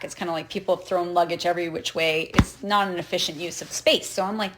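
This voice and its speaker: A woman from Canada, a podcast guest, telling travel stories with lively energy, acting out other people's voices and laughing often. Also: on the low side, a little fast, hardly any pauses, noisy background. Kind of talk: animated storytelling in a podcast interview.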